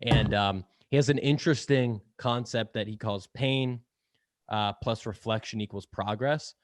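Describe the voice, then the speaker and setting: A man's voice: fairly low pitch, measured pace, no room sound, studio quality. Chatty man who laughs and swears. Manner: rambling, filler-heavy, laughs often, swears casually. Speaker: podcast guest, sales podcast host. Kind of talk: casual interview chat.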